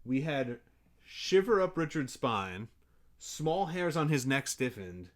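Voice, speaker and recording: Man, podcast co-host, casual book chat, animated pitch, playful. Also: takes it slowly. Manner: chatty, breaks into playful shouted impressions.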